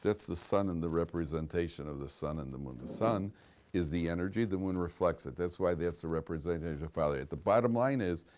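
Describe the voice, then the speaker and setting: A man's voice: low voice, a little mellow. A man giving an informal Torah class, a chatty storyteller who chuckles at his own punchlines. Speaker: rabbi teaching a Torah class. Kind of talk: informal Torah lecture with stories.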